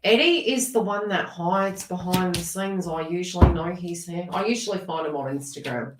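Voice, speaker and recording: A woman giving a live tarot reading in an animated, chatty way. She laughs often and talks directly to viewers in the chat. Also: fairly low pitch, moderate pace, distant mic, very noisy. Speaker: tarot reader. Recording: echoey room, away from the mic.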